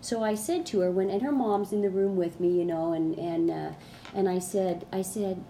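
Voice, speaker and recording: A woman with a mellow, dark-leaning voice tells a story as a podcast guest. She rambles, backtracks and starts over, then lifts her voice to act out each person she quotes. There is a faint hum beneath her. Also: medium pitch, normal speed. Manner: rambling, with many restarts and fillers; animated, acts out quotes. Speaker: guest, colon hydrotherapist. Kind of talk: casual storytelling in an interview.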